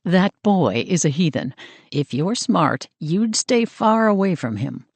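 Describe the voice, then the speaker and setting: Woman voicing a disapproving grandmother, stern, low voice, dry read. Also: very animated, measured pace, a little mellow, no echo, full character voice. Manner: stern warning.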